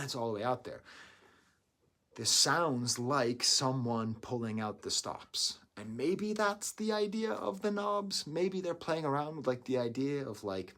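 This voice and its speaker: Rambling man reviewing an album. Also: medium pitch. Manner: rambling, excitable asides. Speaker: music reviewer. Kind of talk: casual album review talk.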